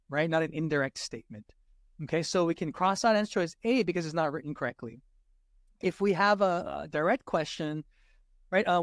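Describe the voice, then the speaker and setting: A man's voice: a little high, no room sound, clean studio sound. A man tutoring through a test-prep lesson, checking in with "right?" after most points and restarting words as he explains. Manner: says "right?" often, restarts mid-word. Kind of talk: walkthrough lesson.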